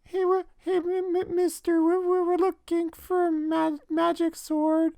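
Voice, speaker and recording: High squeaky voice, timid stammering adventurer, nervous and halting, game-night character voice, dry close sound. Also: male voice, monotone, gravelly, dark tone, no echo, full character voice. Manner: stammering, hesitant.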